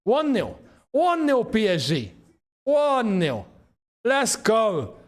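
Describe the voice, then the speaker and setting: A man hosting a live football watchalong, excitable and quick to shout and laugh. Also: sits high. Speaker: football channel host.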